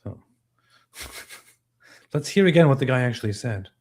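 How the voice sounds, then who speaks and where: A male host on a live stream with a mellow, relaxed voice. He talks sarcastically and keeps asking questions in disbelief. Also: mid-range voice, measured pace. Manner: sarcastic, incredulous.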